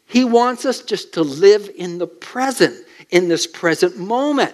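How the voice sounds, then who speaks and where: Man, high-pitched voice, preacher, sermon, emphatic, asks rhetorical questions. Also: lively intonation, measured pace, hardly any pauses.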